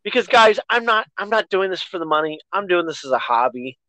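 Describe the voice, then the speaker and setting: A man hosting a casual podcast, talking in loose, rambling runs and poking fun at himself. His pitch jumps around a lot as he talks. The sound is close and dry, with no room echo. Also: sing-song, a little fast, bright, forceful tone. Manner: chatty, self-deprecating, rambling. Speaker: podcast host.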